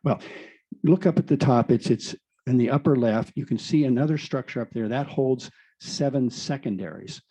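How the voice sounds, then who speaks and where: A man's voice: medium pitch, moderate pace, warm tone, breathy edge, poor audio. A man giving an enthusiastic explanatory presentation, explaining through rhetorical questions.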